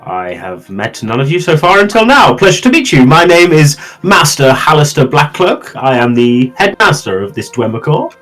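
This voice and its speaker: A man's voice: on the high side, sing-song, normal speed, hardly any pauses, a bit bright, faint music behind, pitched above the performer's own voice, rough recording. A game master voicing an old male wizard who speaks politely and formally, a little puzzled. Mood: courteous. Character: old male mad wizard, curious and courteous.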